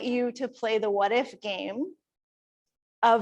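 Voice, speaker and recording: A woman from Iowa, a kundalini yoga teacher, calmly explaining breathing and practice to a class in a conversational way. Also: on the high side, takes it slowly, muffled recording. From Iowa, USA. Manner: calm, conversational, explaining step by step. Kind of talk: guided yoga class instruction.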